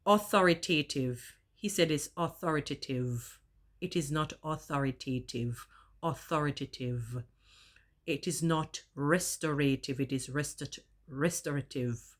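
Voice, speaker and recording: A woman's voice: deep voice, unhurried. A woman talking casually in a vlog, choosing elaborate words and savouring how she says them.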